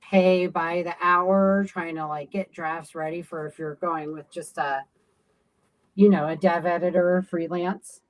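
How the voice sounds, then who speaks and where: A low-pitched woman chats as a guest designer, full of "like" and quick restarts. Her talk is relaxed and loose, with no set script. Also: low-quality recording. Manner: chatty, many fillers and restarts. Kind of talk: casual interview chat.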